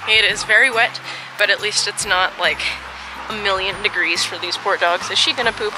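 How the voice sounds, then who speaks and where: A woman's voice: mid-range voice, fairly even intonation, moderate pace, background noise. A woman chatting casually in a vlog while walking her dogs outdoors at a dog park, a little out of breath, recording on a handheld camera. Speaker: vlogger.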